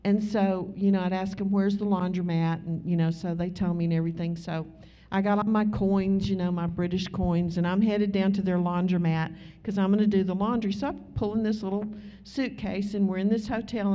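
A woman with a Southern US accent, preaching a sermon in a folksy, conversational way with drawn-out emphasis. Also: mid-range voice, steady tone, dark tone. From Southern United States. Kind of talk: sermon with storytelling. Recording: slightly muffled recording.

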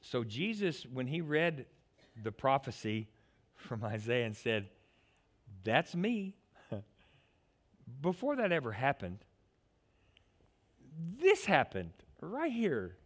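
A man preaching a sermon in church, animated, often stumbling into quick restarts. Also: medium pitch. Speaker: pastor.

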